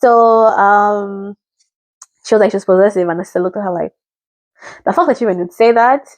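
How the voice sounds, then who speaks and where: A chatty woman from Africa rambles through her thoughts on a dating show, slipping into imitations of the people she describes. Her voice sits at an ordinary middle pitch. It is recorded dry and close, with no room sound around it. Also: fairly quick, a little mellow, no echo. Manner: rambling, chatty, often mimics what others said. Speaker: reality show reactor. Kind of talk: casual chat.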